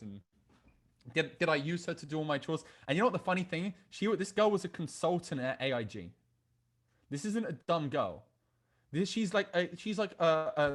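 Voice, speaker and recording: Blunt, crude male dating coach. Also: on the high side. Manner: blunt and crude, with frequent restarts. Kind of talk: online masterclass talk.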